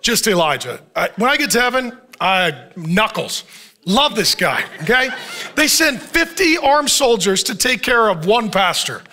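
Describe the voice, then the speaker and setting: A male pastor preaching with a strikingly high voice that swoops lively up and down. He tells the story with animated humor and frequent chuckles. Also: a little slow. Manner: chuckles often while preaching. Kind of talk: sermon.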